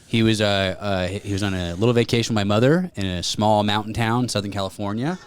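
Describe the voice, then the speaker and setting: Fast and lowish, his voice clear and resonant, the podcast co-host animatedly retells a story during casual talk, impersonating each person he quotes.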